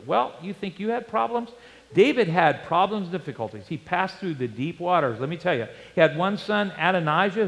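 A male pastor preaching a sermon, animated and storytelling, with rhetorical questions to the congregation. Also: on the high side. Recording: long hall reverb.

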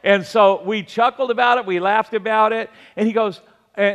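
A man's voice: high voice, fairly even intonation, normal speed, a bit bright, clear, resonant tone. A man, a pastor, preaching a sermon earnestly and conversationally, telling stories and acting out the dialogue in them. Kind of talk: sermon storytelling. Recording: long reverb, large hall.

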